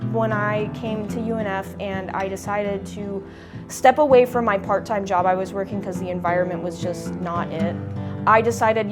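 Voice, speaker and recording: A young woman talks through her craft in a documentary interview, loose and chatty, her sentences strung together with "like". Her pitch sits in an ordinary middle range. Music plays clearly underneath. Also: steady tone, normal speed. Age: young adult. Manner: chatty, peppered with "like". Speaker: interviewee, fursuit maker. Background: background music.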